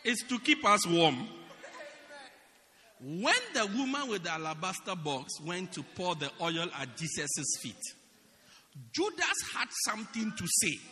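A man preaches a lively sermon, teasing his congregation with jokes. His voice is high and very bright, rising and falling a great deal. The sound carries the long reverb of a church hall. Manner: animated, joking with the congregation.

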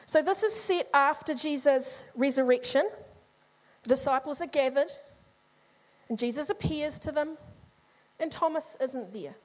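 Brief: a high-pitched, middle-aged woman preacher, lively and joking with her congregation. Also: measured pace. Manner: animated, humorous, addresses the congregation. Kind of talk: sermon.

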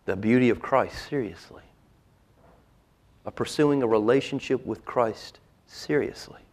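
A male pastor preaching a sermon, swinging from loud emphasis to hushed, whispered lines. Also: mid-range voice, measured pace.

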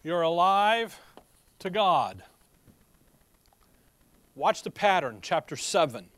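A man with a touch of a Chicago accent preaches through scripture in a higher-than-usual voice. He talks conversationally, reads verses aloud and keeps asking his listeners questions. The sound is dry and close, with almost no room echo. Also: very animated, slow pace, long pauses, fairly bright tone. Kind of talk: Bible teaching sermon.

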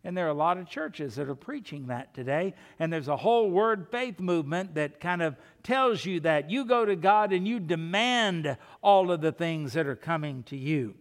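A man's voice: on the high side, animated, moderate pace, hardly any pauses, big-room sound. A male pastor preaching a sermon, driving his points home with strings of rhetorical questions.

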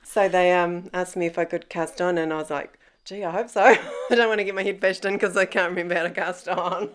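Middle-aged kiwi woman, lowish voice, telling her story, laughing and acting out what people said. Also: a little fast. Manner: lively, laughs often, acts out quoted voices. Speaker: interviewee. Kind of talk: personal storytelling.

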